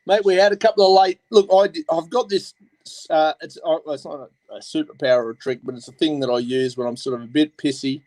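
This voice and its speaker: A man's voice: on the high side, steady tone, fast, a little mellow, no echo, low-quality recording. A man with an Australian accent hosting a casual chat, talking bluntly and swearing as he rambles. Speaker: host.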